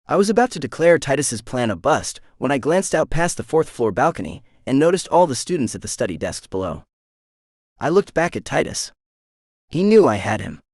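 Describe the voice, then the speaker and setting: A man narrating a first-person romance audiobook in an expressive, animated way. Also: medium pitch, no room sound, clean studio sound.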